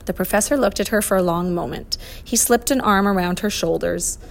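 A woman reading a children's storybook aloud in a steady, clear, expressive way. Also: mid-range voice, a little fast, few pauses. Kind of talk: storybook read-aloud narration.

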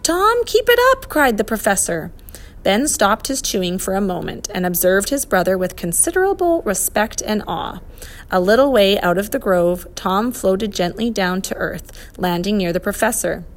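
A woman reading a children's storybook aloud in a steady, clear, expressive way. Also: mid-range voice. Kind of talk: storybook read-aloud narration.

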